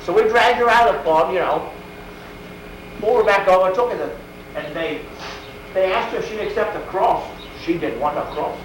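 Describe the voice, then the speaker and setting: A man's voice: high-pitched, normal speed, long pauses. A man in costume telling first-person medieval tales in folksy, rustic grammar, talking straight to his listeners and asking them questions. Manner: folksy, rambling, speaks in old-timey rustic grammar. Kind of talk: first-person historical role-play for an audience. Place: school event crowd area. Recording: echoey camcorder sound from far off with faint noise.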